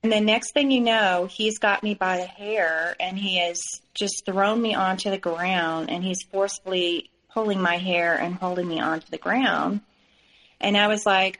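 A woman's voice: mid-range voice, fairly even intonation, normal speed, a bit bright, rough recording. A woman, a podcast guest, frankly recounting her own experience in a loose conversational way with many fillers. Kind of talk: personal story in an interview.

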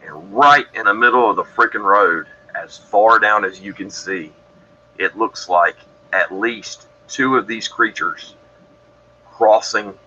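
This is a man with a deep, low voice and a bright, forceful edge. He tells his story casually on a podcast, rambling and correcting himself as he goes. The recording sounds a little dull, with a faint hiss underneath. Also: takes it slowly. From Georgia, USA. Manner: rambling, self-correcting, matter-of-fact. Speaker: guest describing encounters.

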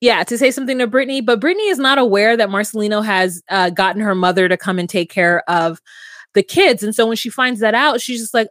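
A woman co-hosting a podcast, recapping a reality show in a sassy, animated way and acting out quotes. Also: on the high side, fast, no echo, clean studio sound. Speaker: podcast co-host. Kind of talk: casual recap chat.

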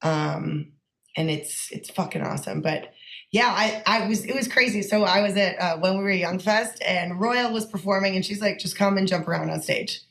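A young woman, a songwriter guest, chatting in a casual interview, animated and swearing freely with lots of "like". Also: mid-range voice, moderate pace.

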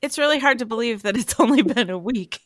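A woman's voice: a little high, lively intonation, fast, a bit bright, no room sound, studio quality. A young adult woman co-hosting a podcast, chatting casually and laughing often between her words. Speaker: podcast co-host.

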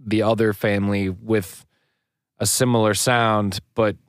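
A man from the United States co-hosting a podcast in casual chat, jokey, quick to laugh and swearing freely. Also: fairly low pitch, flat delivery, smooth, no echo, clean studio sound. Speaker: podcast co-host.

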